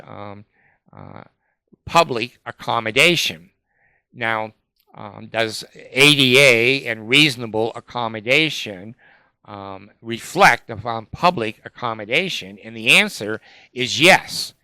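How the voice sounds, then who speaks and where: An older man telling a rambling, profane personal story with many fillers, and he jumps up in pitch when he quotes other people. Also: gravelly, sharp tone, dry recording. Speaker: vlogger telling of his legal dispute.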